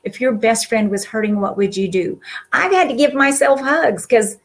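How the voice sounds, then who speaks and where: A woman's voice: a little high, normal speed. A woman guest speaking to an audience in a heartfelt, casual way, earnest and encouraging. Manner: earnest, warm-hearted and encouraging, with soft laughs.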